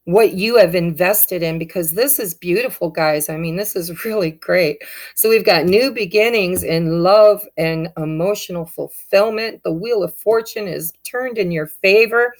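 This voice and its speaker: A woman giving a casual tarot reading, speaking straight to her viewers in an upbeat, encouraging way. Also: fairly low pitch. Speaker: tarot reader.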